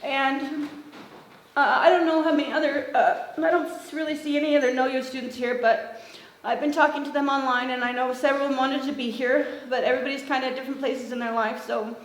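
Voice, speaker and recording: A woman's voice: sits high, fairly even intonation, fairly quick. A middle-aged woman from Northern California gives a conversational tribute at a memorial, with frequent fillers and restarts. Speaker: former student giving a eulogy. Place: memorial gathering in a roomy hall. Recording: roomy echo with faint ambient noise.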